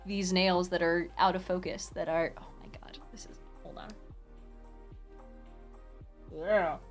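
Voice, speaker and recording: A young woman from the Pacific Northwest chats casually on a live stream, reading viewer comments out loud. She's animated, laughs a lot, swears freely, and rambles with frequent restarts. Her voice is lowish and a bit slow, with soft music playing in the background.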